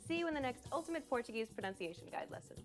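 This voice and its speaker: A woman narrating a scripted pronunciation lesson in a clear, upbeat, explanatory way. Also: high voice, sing-song, rapid-fire, over music. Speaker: pronunciation instructor.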